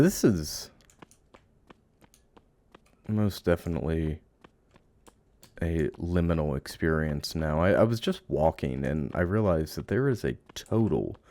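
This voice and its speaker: A man with a very low, gravelly voice talks through a video game. His tone is dark and mellow. He coos playfully at little creatures, then muses in a hushed voice. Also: expressive, unhurried, dry recording. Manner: drifts into hushed, musing narration. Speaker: game streamer. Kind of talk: let's play commentary.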